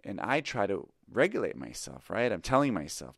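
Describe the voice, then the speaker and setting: A middle-aged man tells a confessional story with a very low voice and a gravelly edge of fry. He speaks in a reflective, candid, self-critical way, like an improv teacher thinking out loud. The recording is close and dry. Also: big pitch swings, moderate pace, dry recording.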